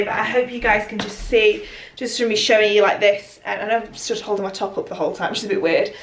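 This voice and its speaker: A young woman chatting casually in a try-on vlog, repeating "really" for emphasis. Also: medium pitch. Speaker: fashion vlogger. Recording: roomy and distant with faint noise.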